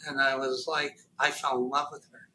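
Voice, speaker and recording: A man telling a deeply personal story as a podcast guest, halting and emotional, near tears, with many fillers and restarts. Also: flat delivery, pushed and bright, a little hiss or hum, poor audio.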